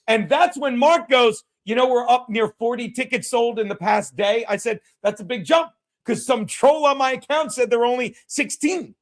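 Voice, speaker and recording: High-voiced man ranting profanely. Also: moderate pace, few pauses. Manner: profane, ranting, acts out quotes. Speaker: podcast host. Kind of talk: casual storytelling chat.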